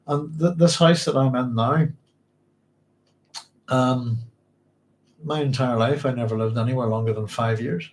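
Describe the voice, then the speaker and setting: A middle-aged man from Northern Ireland whose accent blends Northern Irish and English sounds. He talks in a tired, reflective way to his audience, stopping and restarting his sentences often, at a mid-range pitch. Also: fairly even intonation. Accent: mixed Northern Irish and English. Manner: halting, many restarts and fillers, reflective. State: physically tired. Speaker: podcast host. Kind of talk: emotional personal storytelling to a live audience.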